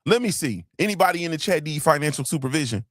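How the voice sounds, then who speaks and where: A man's voice: fairly high pitch, animated, quick pace, fairly bright tone, no room sound, clean studio sound. A man hosting a motivational podcast livestream, preaching and repeating his points, swearing casually and asking "you feel me". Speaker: podcast host.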